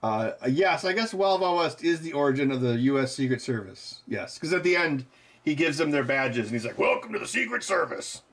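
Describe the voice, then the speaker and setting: Speaking a little fast in an animated, medium-pitched voice, a livestream host chats casually with viewers. He answers the live chat loosely and ramblingly, with lots of fillers.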